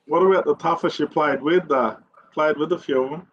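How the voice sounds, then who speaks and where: A man's voice: on the high side, fairly quick, highs cut off. An Australian man hosting a podcast, asking questions in an easygoing, chatty way. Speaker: podcast host. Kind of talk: casual interview chat.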